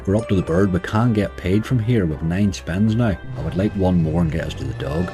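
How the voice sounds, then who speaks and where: With music playing in the background, a slots streamer talks briskly in a deep voice. He keeps up casual running commentary, chatting, muttering to the game, and cheering it on as he plays.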